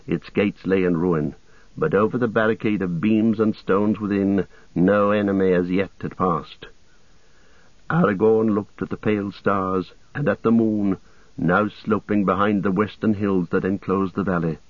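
Man, audiobook narrator, steady, measured, dry, tinny radio-like sound. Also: low voice, no echo.

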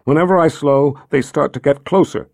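A man reading aloud, voicing a gentle, soothing motherly woman who speaks softly. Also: a little high, normal speed, creaky, no room sound, studio quality, pitched above the performer's own voice.

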